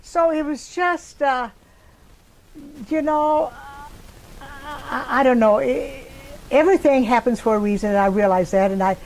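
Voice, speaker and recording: Woman, older, Texan accent, higher-pitched, rambling interview storytelling. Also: measured pace, a little mellow, poor audio. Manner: rambling, acts out quoted voices. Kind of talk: personal storytelling.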